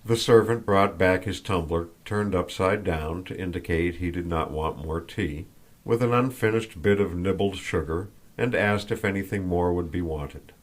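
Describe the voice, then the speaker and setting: A man reading a classic novel aloud as an audiobook narrator, in a measured, even delivery. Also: low voice. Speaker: audiobook reader. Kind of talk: scripted narration.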